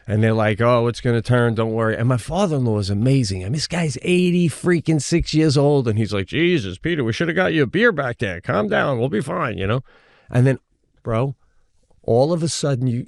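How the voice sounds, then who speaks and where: A man co-hosting a comedy podcast, telling a long story in a lively way, jumping into high-pitched voices when he quotes others and swearing casually. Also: normal speed, vocal fry, dry recording. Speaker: podcast co-host.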